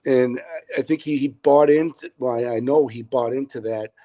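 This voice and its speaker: A middle-aged man, a high school football head coach, answering interview questions over a video call in an earnest, rambling way with many restarts. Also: normal speed, dark tone, rough recording.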